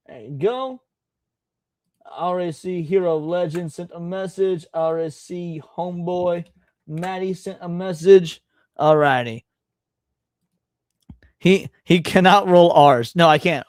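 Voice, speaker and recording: A man's voice: high voice, a little slow, pauses often, dry recording, clean studio sound. A man hosting a casual gaming livestream, talking loosely and tripping over his words. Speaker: stream host.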